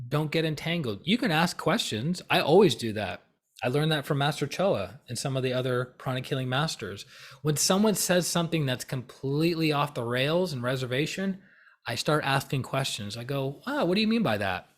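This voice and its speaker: A man's voice: mid-range voice, normal speed. A man giving a casual spiritual teaching talk, conversational and full of tag questions, now and then acting out heated voices. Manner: animated, acts out heated voices mid-talk.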